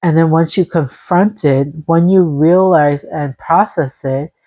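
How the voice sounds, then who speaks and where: Low, mellow-voiced woman reading tarot. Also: measured pace, no echo, rough recording. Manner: soothing, encouraging, talks to viewers as "glowing angels". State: a little out of breath. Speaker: tarot reader. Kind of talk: casual spoken tarot reading. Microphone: phone camera.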